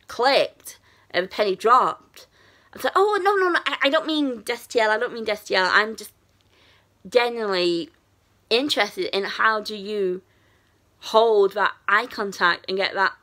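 A young woman chats to camera in a casual storytelling vlog. She rambles and restarts often and fills her pauses with "um" and "like". Her voice sits in the middle of the range for a woman. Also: medium pitch. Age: young adult. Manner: chatty and animated, many fillers and restarts. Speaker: vlogger.

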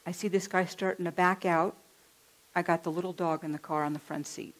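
A woman minister from California giving a sermon, telling a personal story with lively acted-out voices. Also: lowish voice, a little fast, low-quality recording. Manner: animated, acts out voices in her stories. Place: church.

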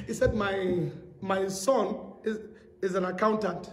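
High-pitched preacher in echoing hall. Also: male voice, fairly even intonation, measured pace. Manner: storytelling with acted-out dialogue, building to shouted exhortation. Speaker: pastor. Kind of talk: sermon. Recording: echoey hall reverb.

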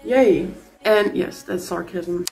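A woman's voice: mid-range voice, moderate pace, darkish tone, soft background music. A young woman speaks to the camera in a personal vlog, open and confessional. She stays in an ordinary middle register. Her talk is loose and full of fillers. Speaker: vlogger.

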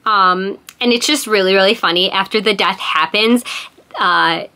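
Young woman vlogging about books, bright voice, chatty and excited. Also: medium pitch, normal speed. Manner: chatty and enthusiastic. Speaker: book vlogger. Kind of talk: casual vlog chat.

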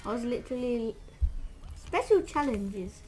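A woman giving casual gameplay commentary, excitable and trash-talking, with lots of "literally" and "like". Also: a little high, unhurried, slight background noise. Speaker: gamer. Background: game music.

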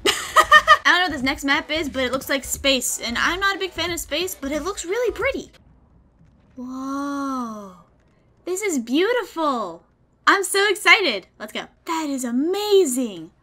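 A young woman with a high, bright voice chats through her gameplay as she plays. She gets excited easily and often breaks into squeals and laughter. The tone is casual and unscripted. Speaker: gaming video host. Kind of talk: live gameplay commentary.

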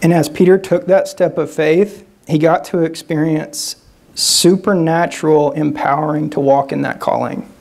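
A guest speaker giving a sermon in a fairly high-pitched male voice. He preaches in an easy, conversational way, often circling back and restarting phrases and checking in with the congregation. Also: steady tone, normal speed, gravelly, a little mellow. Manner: conversational preaching with frequent "right?" tags and restarts.

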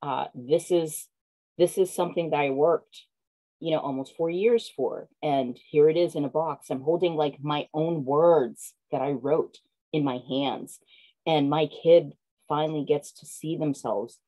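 A woman picture book author, a guest on an interview, telling stories in an excited, animated way with lots of fillers. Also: low-pitched, unhurried, rough recording. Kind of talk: casual video-call interview.

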